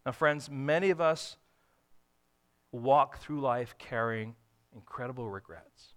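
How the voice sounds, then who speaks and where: A man preaching a sermon, swinging between loud emphatic bursts and hushed, tender lines, acting out quoted dialogue in a folksy, conversational way. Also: medium pitch, slow pace. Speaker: pastor.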